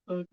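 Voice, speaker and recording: A woman's voice: fairly high pitch, husky, lo-fi sound. A woman giving an opinionated commentary monologue on her channel, scornful and full of rhetorical questions. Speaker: commentary vlogger.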